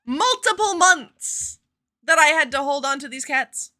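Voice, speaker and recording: A woman streamer talks casually with her viewers, telling stories in an expressive, freely swearing way. Her voice is bright and clear and sits a little high for a woman. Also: fairly quick. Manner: chatty, profane, expressive storytelling. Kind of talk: casual live-stream chat.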